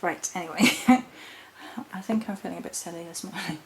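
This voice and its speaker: A woman's voice: on the low side, a little fast, slight background noise, rough recording. A woman vlogger talking in a thoughtful, meandering way about her spiritual practice, breaking off now and then to correct herself. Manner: thoughtful, meandering, with self-interruptions and laughs. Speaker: witch vlogger. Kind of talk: reflective spiritual vlog.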